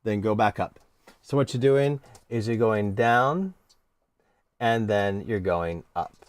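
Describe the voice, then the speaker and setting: A man's voice: lowish voice, slow pace. An American man teaching cello in a live online lesson, encouraging and hands-on as he counts out cues.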